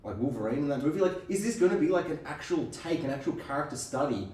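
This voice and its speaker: A man co-hosting a podcast, chatting casually and acting out scenes with quick impressions. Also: a little high, far from the mic. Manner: animated, acts out scenes in quick impressions, swears. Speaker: podcast co-host. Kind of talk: casual chat. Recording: echoey room, off-mic.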